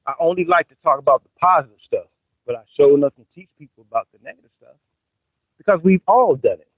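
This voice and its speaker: A man giving relationship advice in a casual, animated monologue, with joking asides. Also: a little high, fast, dry recording. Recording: dry, tinny phone-like sound.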